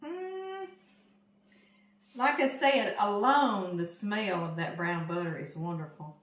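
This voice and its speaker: Slow-talking older Southern woman in an echoey kitchen. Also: mid-range voice, animated. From Louisiana. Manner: chatty, talks straight to viewers as "y'all". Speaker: home cooking vlogger. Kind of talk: casual cooking demonstration. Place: home kitchen. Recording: roomy kitchen echo.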